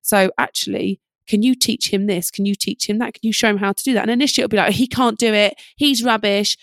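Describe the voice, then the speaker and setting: Brisk middle-aged woman, parenting coach, gravelly, dry close mic. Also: medium pitch, dry recording. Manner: fast, animated advice with acted-out parent-child dialogue. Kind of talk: podcast interview.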